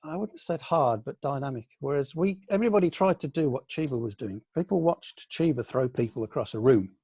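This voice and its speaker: This older man from the UK speaks with a warm, slightly husky voice over a close, dry video-call line. He reflects at an easy pace, hesitating with ums and restarting phrases as he remembers. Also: medium pitch, expressive, a little fast, dry recording. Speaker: senior aikido teacher answering questions. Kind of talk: casual online Q&A.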